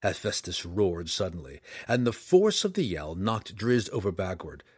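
A man reads a fantasy story aloud with dramatic, expressive phrasing. His voice sits low and slightly husky, with lively swings in pitch. The sound is dry and close. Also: moderate pace, dry recording. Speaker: audiobook narrator. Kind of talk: scripted fantasy narration.

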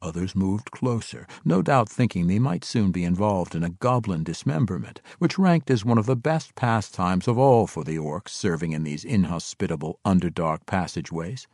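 A low-voiced man reads a fantasy adventure aloud with lively, rising and falling delivery. The sound is close and dry, with no room around it. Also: normal speed, few pauses, no room sound. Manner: expressive storytelling. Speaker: audiobook narrator. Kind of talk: scripted fantasy narration.

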